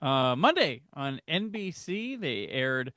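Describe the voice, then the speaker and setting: A man's voice: fairly high pitch, very animated, slow, sharp tone, dry recording, clean studio sound. A man hosting a casual podcast, joking and rattling off lists. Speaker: podcast host.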